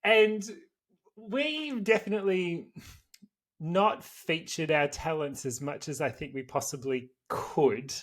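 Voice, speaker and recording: A man's voice: on the high side, slow pace. A young man co-hosting a podcast, bantering and teasing in casual chat. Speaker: podcast co-host.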